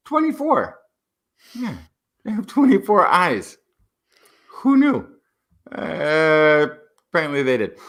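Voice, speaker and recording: A man co-hosting a science podcast, joking and chatty, with many fillers. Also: a little high. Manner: animated, jokey, many fillers. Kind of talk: casual science podcast talk.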